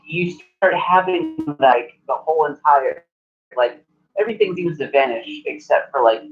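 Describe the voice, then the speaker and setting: Slow, halting man narrating a tabletop game. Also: medium pitch. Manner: halting, many "like" fillers. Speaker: game master. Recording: muffled lo-fi recording.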